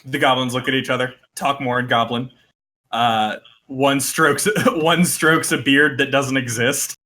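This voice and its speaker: A man narrating as game master of a tabletop game, halting with restarts and frequent laughter. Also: mid-range voice, fairly even intonation, bright, forceful tone. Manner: halting, many fillers and restarts, laughing often.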